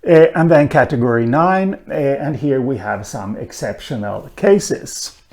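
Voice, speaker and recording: A man lectures at a slow, deliberate pace, his voice sitting at an ordinary middle pitch. He fills his pauses with frequent "uh" sounds and now and then slips in a dry aside. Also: expressive, a little mellow. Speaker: lecturer on linguistics. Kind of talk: recorded online lecture.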